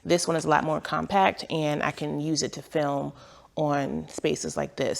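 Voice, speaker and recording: A woman's voice: deep voice, creaky, slight background noise. A woman vlogger chatting casually at home while unboxing packages, rambling and laughing at herself, with a lilt. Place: home, on the couch.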